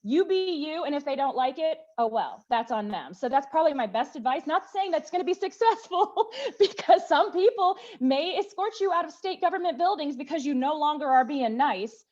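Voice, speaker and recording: A woman's voice: sits high, normal speed, lo-fi sound. A middle-aged woman from the southern United States speaking on a panel, telling stories emphatically and acting out what others said to her. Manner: emphatic, animated storytelling with quoted voices. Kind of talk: panel discussion.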